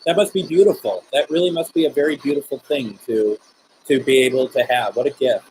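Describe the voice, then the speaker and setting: A man hosting a live spirit box stream, talking gently with viewers and politely calling on spirits. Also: medium pitch, fairly quick, a little hiss or hum, rough recording.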